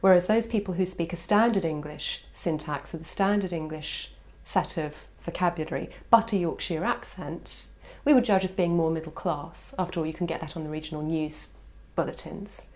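A woman scholar explaining at length in a measured interview style. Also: lowish voice, a little mellow. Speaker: language scholar.

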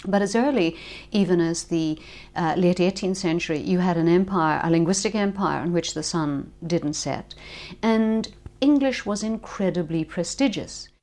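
An Irish woman explaining language history in an interview, thoughtful and with small hesitations. Her voice sits a little low for a woman. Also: moderate pace, a little mellow. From Ireland. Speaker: language expert.

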